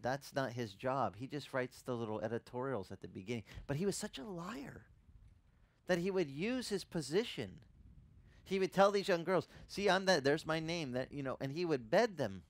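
A man preaching a sermon as a pastor, telling a personal story conversationally and growing louder and higher when impassioned. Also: lively intonation, moderate pace, no echo. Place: church ministry in Hawaii.

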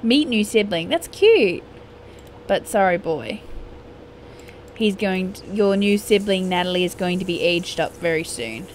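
Chatty woman with lively pitch. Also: a little slow, a little hiss or hum. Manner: chatty, excitable, scolds her game characters playfully. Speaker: gaming YouTuber. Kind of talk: casual gameplay commentary.

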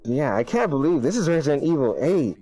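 A man streaming his live reaction to a game event, chatty and excitable and laughing often. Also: on the high side, a little fast, poor audio.

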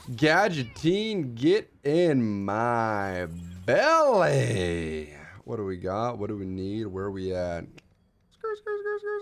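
A young man streaming a strategy game, chatting casually in slang and getting hyped, with squealing jumps when excited. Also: medium pitch. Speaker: gaming streamer. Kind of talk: casual gameplay commentary.

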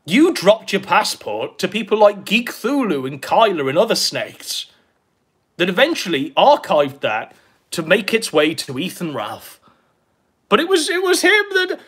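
A man's voice: high voice, fairly bright tone, breathy edge. A man giving crude, profane, mocking commentary on clips, sneering and taunting. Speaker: online commentator.

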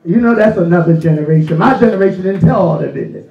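A male pastor delivering a folksy sermon that swells into shouted emphasis in a church sanctuary. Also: high-pitched, fast, gravelly. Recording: echoey, distant, dull church recording.

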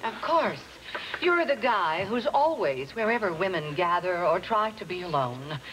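An actress playing a sharp-tongued woman designer who gives a sarcastic, indignant speech. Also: lowish voice, big pitch swings, unhurried, a little hiss or hum, rough recording. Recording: sitcom clip with loud studio audience.

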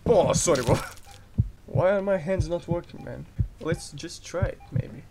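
A man's voice: on the high side, a little slow, background noise. A man hosting a game video, giving goofy, profane let's-play commentary, taunting a character and letting out sudden yelps. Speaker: gaming video host.

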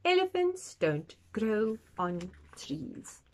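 A woman voicing an indignant male safari park manager in a storybook, exclaiming loudly. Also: mid-range voice, very animated, drawn-out words, voice pushed up, full character voice.

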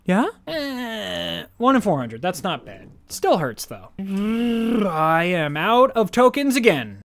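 Goofy excitable man narrating gameplay. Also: sits high, slow pace, creaky. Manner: goofy, excitable, swings between shouts and mumbles. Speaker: gaming YouTuber. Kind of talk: casual gameplay commentary.

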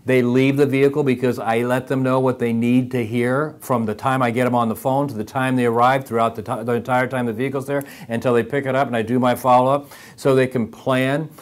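A man's voice: mid-range voice, flat delivery, brisk. A man hosting a motivational podcast for service advisors, talking in a direct, emphatic way and repeating phrases for emphasis.

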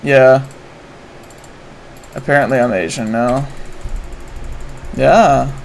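A man giving live commentary while streaming a game, excitable and prone to swearing and sudden shouts. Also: medium pitch, slow pace, vocal fry, slight background noise, low-quality recording.

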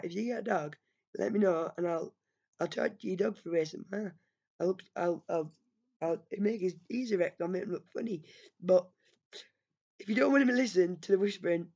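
A woman's voice: on the low side, vocal fry, a little mellow, breathy edge, dull audio. A woman chatting casually to camera as an ASMR vlogger. She rambles, repeats herself and apologises a lot. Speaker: ASMR vlogger talking to her dog.

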